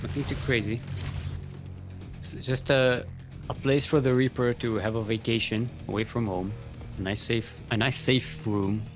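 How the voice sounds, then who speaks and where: A man's voice: mid-range voice, fairly even intonation, moderate pace, over music. A man casting a live strategy-game match, chatty and joking, reading out viewer chat as he goes. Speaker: esports caster.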